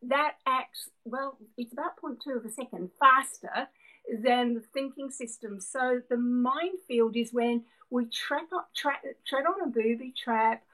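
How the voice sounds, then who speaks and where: A middle-aged woman with a New Zealand accent, talking as a guest on a video call. Her voice sits fairly high, and she explains things with an animated delivery, laughing often and circling back over her words as she goes. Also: measured pace, poor audio. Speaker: guest expert. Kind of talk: explanatory interview answers.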